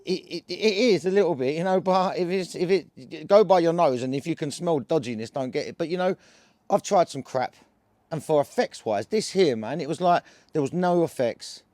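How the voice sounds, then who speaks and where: A man's voice: on the high side, lively intonation, moderate pace, a little mellow, no room sound. A man with an Essex accent, telling a story to camera in a casual, rambling way, full of slang and restarts. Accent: Essex English. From England. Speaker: cannabis vlogger.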